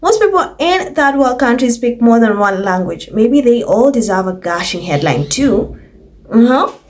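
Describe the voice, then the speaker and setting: A woman's voice: a little high, big pitch swings, a little slow, a little mellow. A woman from Africa hosting a casual commentary channel, reading viewer comments aloud in a chatty, mocking way and often laughing between them.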